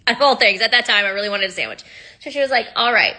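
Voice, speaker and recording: A woman sharing her personal story in a candid, animated way, full of fillers and asides. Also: fairly high pitch, racing. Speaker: sound healer telling her story.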